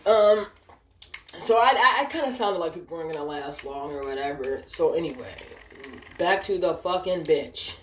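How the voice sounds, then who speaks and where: A woman's voice: low-pitched, animated, moderate pace, a bit bright, echoey room, slight background noise. A woman telling a work story while gaming, cursing and ranting, often sidetracked. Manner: profane, ranting, easily distracted.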